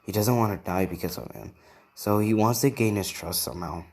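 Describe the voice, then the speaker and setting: A man's voice: lowish voice, fairly quick. Rambling man telling a fan story. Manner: rambling, casual, many restarts. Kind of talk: improvised fan story narration.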